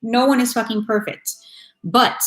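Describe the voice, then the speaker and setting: A woman's voice: a little high, measured pace. Blunt, swearing tarot reader woman. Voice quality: blunt and profane. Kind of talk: casual tarot reading monologue. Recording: echoey room with faint music.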